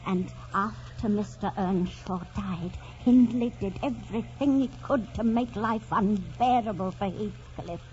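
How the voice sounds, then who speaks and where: An actress playing an older family nurse with a soft, motherly, unhurried voice in 1940s radio acting. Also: mid-range voice, slight background noise, lightly acted. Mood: sorrowful. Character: older woman, a gentle and sorrowful family nurse. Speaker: housekeeper. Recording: dull lo-fi 1940s radio recording.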